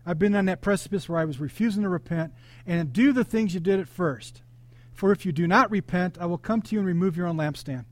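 High-voiced man preaching to a congregation. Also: quick pace, dry recording. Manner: animated, interactive preaching with congregation call-outs. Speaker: pastor. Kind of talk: sermon.

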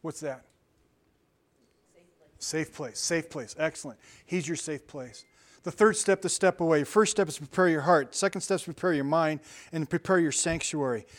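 A male pastor preaching a conversational sermon, animated and at times loud. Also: fairly high pitch, a little fast.

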